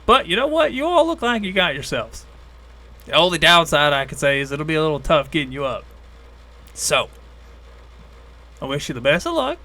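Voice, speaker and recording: A man voicing a folksy male god who speaks calmly with a laid-back drawl and a quiet menace, in a tabletop role-play. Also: a little high, moderate pace, long pauses, exaggerated voice. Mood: drawling warning.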